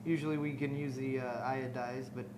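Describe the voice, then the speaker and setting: A man's voice: medium pitch, flat delivery, normal speed, background noise. A man hosting a cooking show in a studio kitchen, walking through a recipe step by step in an upbeat, joking way. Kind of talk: on-air cooking demonstration.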